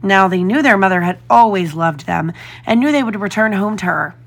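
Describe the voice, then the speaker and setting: Gravelly woman reading a storybook. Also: mid-range voice, brisk. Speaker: storybook reader. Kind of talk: storybook narration.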